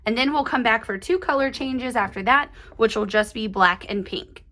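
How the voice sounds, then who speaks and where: Woman, fairly high voice, bubbly tutorial host who gushes over her work. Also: normal speed, pushed and bright. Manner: cheerful and gushing, laughs often. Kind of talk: chatty step-by-step tutorial.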